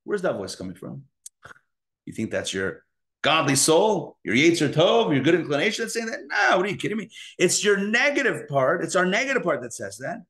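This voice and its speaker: Animated high-voiced rabbi teaching. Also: male voice, a little fast. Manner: animated, acts out inner dialogues with shifting voices. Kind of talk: live Torah class.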